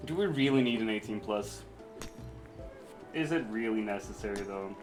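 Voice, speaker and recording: A man's voice: lowish voice, lively intonation, normal speed, over music. A man streaming a video game, chatting casually with viewers, reading out chat and joking around. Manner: playful, jokey, reads chat aloud.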